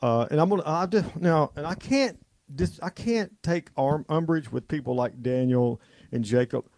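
A male show host giving a rambling, fervent monologue to his listeners, halting and stammering often. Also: a little high, vocal fry, a little mellow, dry recording.

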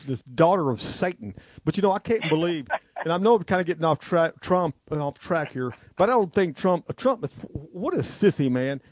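A man's voice: a little high, lively intonation, moderate pace. Agitated ranting man. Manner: agitated, rambling, repeats himself. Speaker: radio talk show host. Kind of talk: heated talk show ranting.

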